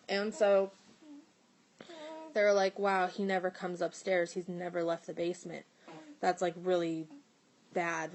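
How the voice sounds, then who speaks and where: A woman's voice: medium pitch, poor audio. Chatty young woman telling a story. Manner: chatty, many filler likes, animated quoted exclamations. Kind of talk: casual storytelling.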